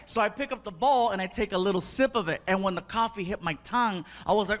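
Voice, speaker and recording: A man telling an animated stand-up comedy story on stage, acting out the people in it. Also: sits high, normal speed. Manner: animated storytelling, acts out voices. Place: stage before a live audience. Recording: live show with audience noise.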